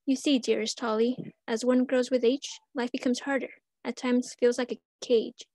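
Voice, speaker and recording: A woman voicing a gentle, wise mother who consoles her young daughter in rhymed verse. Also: a little high, little pitch movement, moderate pace, no echo, lightly acted. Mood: consoling.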